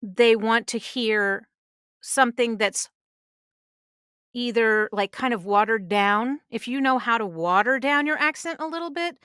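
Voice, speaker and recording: A middle-aged woman speaks as a guest on a podcast with earnest conviction, pressing her points with emphasis. Her voice is smooth and resonant. The sound is close and dry. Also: on the high side, a little slow, a bit bright, no echo. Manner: earnest, emphatic advice-giving. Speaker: voice actress guest. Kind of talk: conversational interview. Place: podcast studio.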